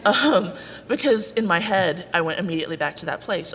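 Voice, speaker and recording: A woman's voice: on the low side, lively intonation, a little fast, fairly bright tone. A woman, a birth mother on a panel, telling her personal story in a candid, wry, self-deprecating way. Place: conference hall. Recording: echoey hall with faint noise.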